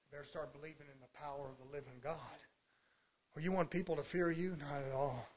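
A man preaching a sermon, swinging between hushed low passages and loud shouted preaching. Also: fairly even intonation, fairly quick.

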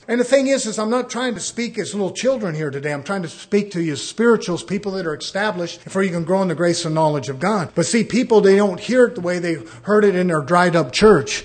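A man preaching a sermon, stressing his points, asking rhetorical questions and saying amen between phrases. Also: high-pitched. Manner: emphatic, punctuates phrases with "amen"; rhetorical questions and swings in volume.

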